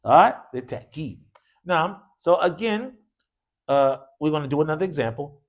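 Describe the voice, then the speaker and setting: A man's voice: on the high side, expressive, moderate pace. A man teaching an Arabic class. He drills students call-and-response style, mixing English with short Arabic phrases and quizzing the class with repeated "what?" prompts. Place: mosque classroom.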